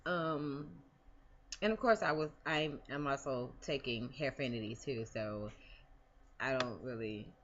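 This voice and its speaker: A woman's voice: extremely low pitch, a little slow, dull audio. A woman talking casually in a personal vlog, rambling with many fillers and restarts. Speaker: vlogger.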